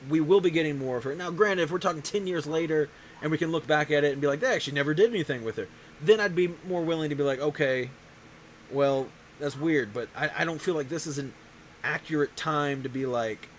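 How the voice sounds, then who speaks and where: At a quick pace and fairly high pitch, a male show host chats casually, rambling and often restarting his sentences. Slight background noise runs through this low-quality recording.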